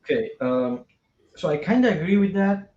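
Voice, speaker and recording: A man from Italy talking casually as a podcast guest, animated and speculative. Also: on the high side, normal speed. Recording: echoey, dull remote call audio.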